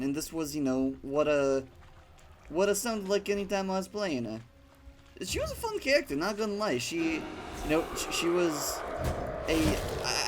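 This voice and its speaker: A gaming streamer with a high voice chats casually while playing a video game, against a noisy background. His let's-play commentary rambles through a story with lots of fillers and the occasional swear.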